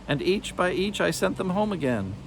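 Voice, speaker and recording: Croaking ancient witch as a man reads her, cunning, archaic sing-song speech, storybook voice. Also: high-pitched, big pitch swings, moderate pace, slight background noise, voice pushed up, exaggerated voice. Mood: sly. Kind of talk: storybook reading.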